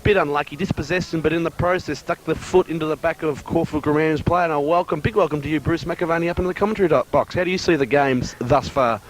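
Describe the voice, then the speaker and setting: A man giving brisk play-by-play commentary on an amateur football match. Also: on the high side.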